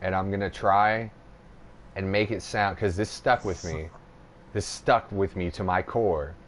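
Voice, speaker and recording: A young man on a casual podcast tells a long story in a rambling, profane way, full of fillers and restarts. His voice sits fairly low. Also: steady tone, a little slow, a little hiss or hum. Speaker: podcast host.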